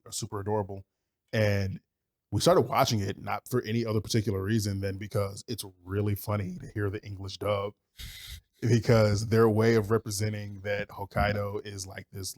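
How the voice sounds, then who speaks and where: A man's voice: lowish voice, little pitch movement, brisk, darkish tone. A man co-hosting a podcast in casual chat, rambling with lots of fillers and swearing. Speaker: podcast co-host.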